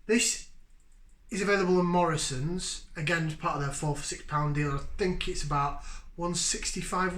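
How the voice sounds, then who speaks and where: A man hosting a beer review channel, talking casually and jokingly with lively bursts of enthusiasm. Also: sits high, roomy sound. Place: home room, indoors.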